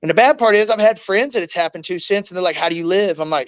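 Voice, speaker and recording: A man's voice: sits high, fast, fairly bright tone, dry recording. A man, an interview guest telling a painful story in raw, blunt words, swearing often and acting out what others said.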